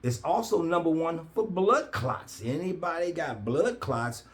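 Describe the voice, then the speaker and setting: A man telling an animated story, his pitch rising and falling widely. He speaks in a repetitive, preacher-like cadence. He acts out the other people in his story with sudden high, loud bursts. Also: measured pace. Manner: acts out quoted voices with big pitch jumps. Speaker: herbal oil seller.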